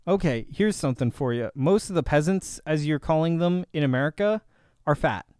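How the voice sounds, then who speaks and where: A man ranting in a sarcastic, combative reaction commentary, swinging from loud outbursts to low mutters. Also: expressive, a little fast, clean tone, no echo, clean studio sound. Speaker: reaction video host.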